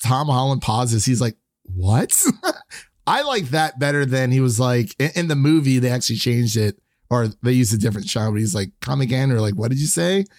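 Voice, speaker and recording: A man's voice: mid-range voice, fairly quick, dry recording, clean studio sound. A man co-hosting a casual movie review chat, hesitant and often restarting his sentences. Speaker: podcast co-host.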